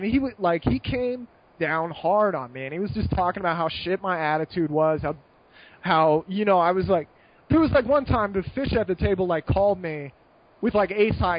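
A young American man telling a long story in a casual podcast chat, rambling and animated, with many fillers and restarts. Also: sits high, lo-fi sound. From United States. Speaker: guest.

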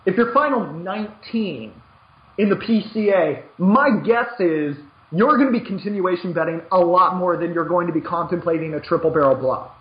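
A man with a high voice hosts a poker podcast and coaches players as he talks. He is emphatic, repeats words as he gets going and plays out quick bits of dialogue. The audio is roomy and a little dull. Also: lively intonation. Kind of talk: animated podcast chat.

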